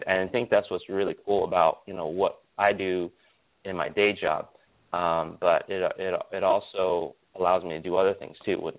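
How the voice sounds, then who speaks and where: A man from Stockton, California, a guest optometrist telling stories in an animated way, repeating words and using lots of fillers. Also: sits low. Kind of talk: casual interview storytelling. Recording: tinny phone line.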